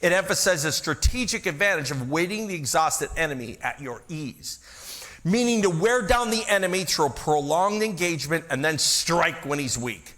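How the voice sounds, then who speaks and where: A man's voice: on the high side, expressive, normal speed, pushed and bright. A man preaching a conversational sermon as pastor in a church, with speech, full of asides and rhetorical questions to the congregation. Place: church sanctuary.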